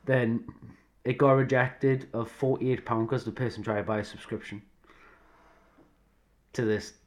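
A man's voice: medium pitch, steady tone, measured pace. A man co-hosting a podcast, chatting casually and telling stories with swearing and laughter. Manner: banter with swearing and frequent laughs. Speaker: podcast co-host. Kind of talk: casual chat.

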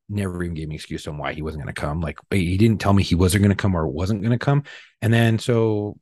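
A man with a husky voice in casual, profane chat, telling stories bluntly and animatedly. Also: lowish voice, no room sound, clean studio sound.

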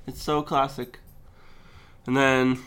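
A young woman co-hosting a casual podcast chat, laughing often and bursting into loud, high voices when she quotes things. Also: little pitch movement, takes it slowly, smooth. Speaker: podcast co-host.

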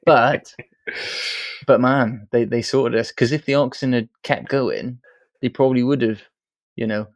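Man, podcast co-host, raspy gravelly voice, rambling banter, dry sound. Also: mid-range voice, measured pace, pauses often, dry recording. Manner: rambling, self-deprecating, swears freely. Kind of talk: casual comedic chat.

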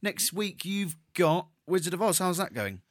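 A man's voice: high-pitched, big pitch swings, moderate pace, no room sound, clean studio sound. A man co-hosting a casual podcast, running a quiz and joking around. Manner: teasing, jokey quizmaster. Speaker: podcast co-host.

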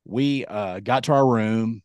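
Low-voiced Kentucky man telling a rambling story. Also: takes it slowly, no echo. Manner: rambling, animated storyteller with many restarts and acted-out quotes. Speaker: podcast co-host. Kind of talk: casual storytelling chat.

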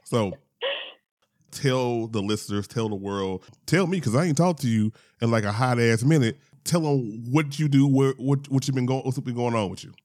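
A man's voice: medium pitch, moderate pace, darkish tone. A man hosting a podcast in a casual, playful, slangy chat, joking with his guest. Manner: playful, joking, slangy, puts on mock voices. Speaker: podcast host.

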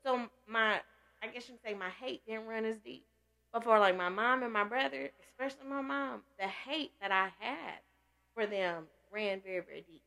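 A woman's voice: on the high side, normal speed, gravelly, bright, forceful tone. A woman candidly telling a personal story in casual chat, emotional and laughing through tears. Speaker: podcast guest sharing survival story.

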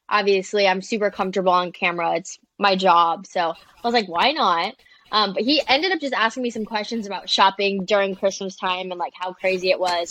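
A young woman, a social media creator and interview guest, chatting animatedly and full of "like"s. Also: mid-range voice. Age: young adult. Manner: chatty and animated, many "like"s, quoting people. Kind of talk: casual storytelling in an interview.

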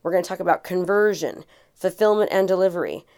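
A middle-aged woman with a slightly low voice talks through a casual podcast monologue. She speaks in a chatty, earnest way and often restarts her sentences with fillers along the way. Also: quick pace, a little mellow. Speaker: podcast host and real estate coach.

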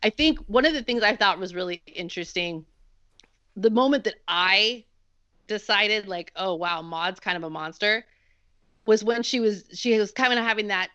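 A woman's voice: mid-range voice, pushed and bright, clean tone, dry recording. A woman in a casual film discussion, talking in long run-on lists with many fillers. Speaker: podcast co-host. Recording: dull lo-fi sound.

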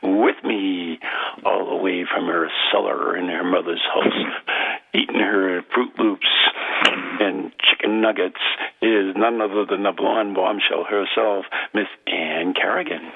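A man from New England hosts a radio show in a gravelly, husky voice. His pitch swings widely as he jokes and rambles with eager fillers. The sound is thin and phone-like. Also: fairly even intonation, measured pace. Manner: enthusiastic, joking, rambling with fillers. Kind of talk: casual radio banter. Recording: phone-like narrow band.

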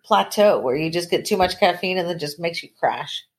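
A woman co-hosting a podcast, bantering casually and teasing her husband, with a breathy voice and frequent laughs. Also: on the low side, expressive, a little fast. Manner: teasing, playful, laughs often. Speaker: podcast co-host.

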